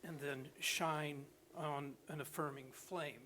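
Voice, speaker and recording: A man's voice: on the high side, steady tone, slow, bright, forceful tone. Hesitant man asking from the audience. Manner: hesitant, with many ums. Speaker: audience member asking a question. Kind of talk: audience question.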